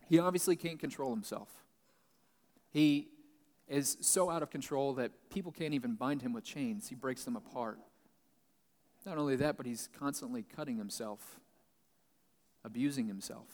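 A man's voice: medium pitch, a little mellow. A man pastor giving Bible teaching, reading a passage and then explaining it plainly. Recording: long reverb, large hall.

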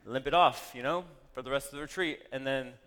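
A man telling a personal story to an audience, animated and full of self-deprecating asides. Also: medium pitch, brisk, clear, resonant tone, big-room sound.

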